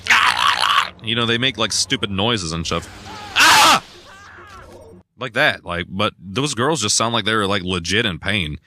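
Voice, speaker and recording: A young man chatting casually while he plays a video game, self-deprecating and given to sudden excited yelps. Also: fairly low pitch, slight background noise. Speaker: gaming streamer. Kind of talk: casual rambling gameplay commentary.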